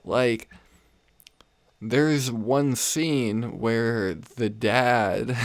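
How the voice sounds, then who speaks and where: A young man hosts a casual comedy podcast from a home room, ranting, swearing a lot, rambling, and laughing often at his own stories. His medium-pitched voice is very slow, and there's no echo.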